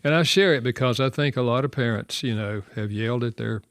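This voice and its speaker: Older Southern man, radio host, gravelly, earnest storyteller, dry studio mic. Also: mid-range voice, brisk, dry recording. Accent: American Southern. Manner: earnest, reflective, softening to quiet. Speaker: radio show host and author.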